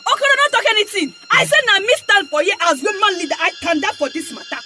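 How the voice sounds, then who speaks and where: A very high-voiced, bossy Nigerian mother who keeps scolding and barking orders, like in a radio comedy drama. Loud music plays underneath her. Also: big pitch swings, fast talker. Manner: scolding, bossy, repeats commands. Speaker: mother, woman leader.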